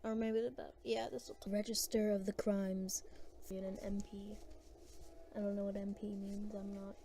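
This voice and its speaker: A woman's voice: medium pitch, little pitch movement, normal speed, dark tone, a little hiss or hum. A woman giving casual gameplay commentary, rambling and hesitant as she thinks aloud.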